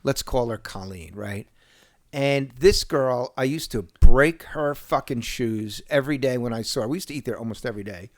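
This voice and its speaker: A man, telling stories in a casual podcast chat, profane and animated. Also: mid-range voice, moderate pace, no echo, clean studio sound. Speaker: podcast host.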